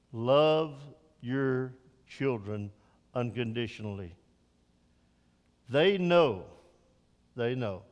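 An older preacher delivers a Father's Day sermon, his voice rising to loud, high emphasis and then falling to quiet, slow reflection. A long reverb tail follows his words.

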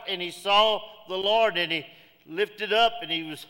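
A man's voice: high voice, measured pace, bright, forceful tone, clear, resonant tone, long reverb tail. A middle-aged man, preaching a sermon in a church with folksy call-outs and jokes. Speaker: pastor.

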